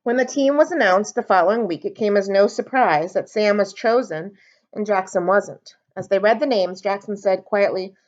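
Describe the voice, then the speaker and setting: A woman reading a children's storybook aloud for a library storytime, expressive and animated. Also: mid-range voice, normal speed. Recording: dull lo-fi recording.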